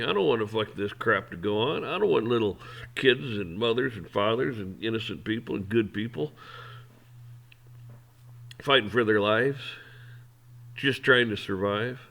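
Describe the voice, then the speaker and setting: A man's voice: medium pitch, vocal fry, a bit bright. A man hosting an opinion show, ranting in a blunt, heated, profane way. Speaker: host. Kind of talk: opinion rant.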